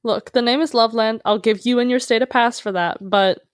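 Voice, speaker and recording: A woman's voice: a little high, fairly even intonation, brisk, dry recording, studio quality. A woman from Minnesota co-hosting a casual podcast, asking sarcastic questions and joking. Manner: sarcastic, teasing jokes. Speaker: podcast co-host.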